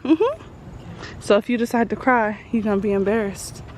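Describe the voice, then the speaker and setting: A woman's voice: medium pitch, little pitch movement, quick pace, noisy background. A woman in her twenties chatting casually and upbeat to her vlog audience. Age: 20s. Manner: chatty, upbeat, says "y'all". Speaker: vlogger.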